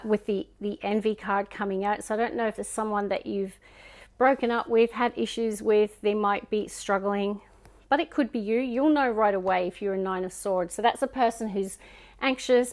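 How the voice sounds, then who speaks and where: Speaking in an ordinary mid-range pitch, a tarot reader with a Scottish accent goes through a casual card reading in a relaxed, chatty way. Between cards she frequently lapses into quiet murmurs, musing aloud as she interprets each one.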